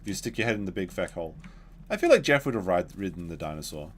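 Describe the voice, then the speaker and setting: Streaming a dinosaur game, a man rambles chattily to his chat while playing, giving casual commentary. His deep voice has a sing-song lilt and a quick pace, and there's a little hiss or hum on the recording.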